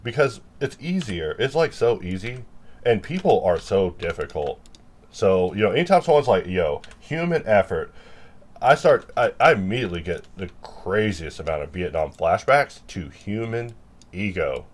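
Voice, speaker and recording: A man chatting casually and rambling while he works, self-mocking, sometimes bursting into loud mock-angry lines. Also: on the low side, big pitch swings, normal speed.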